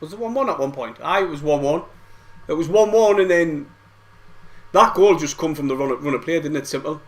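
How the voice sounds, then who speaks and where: A man's voice: on the high side, brisk. A young man reacting to a football match live, frustrated and swearing, full of banter. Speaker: football fan streamer. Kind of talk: live match watch-along commentary.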